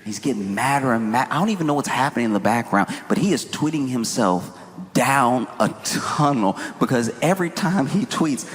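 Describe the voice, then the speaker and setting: A man doing a stand-up comedy set, animated, acting out quotes and shouting punchlines. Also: mid-range voice, normal speed. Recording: echoey hall with room noise.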